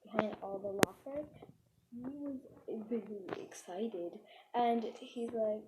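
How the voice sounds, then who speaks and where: A woman's voice: a little high, takes it slowly. A young female voice telling a casual story in a rambling way, with many fillers and restarts. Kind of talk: casual storytime while gaming. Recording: noisy home recording with clicks.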